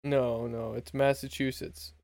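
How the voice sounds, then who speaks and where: A man's voice: medium pitch, flat delivery, unhurried, vocal fry, darkish tone. A man quizzing his co-host in casual podcast chat, joking and swearing freely. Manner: profane, joking quizmaster.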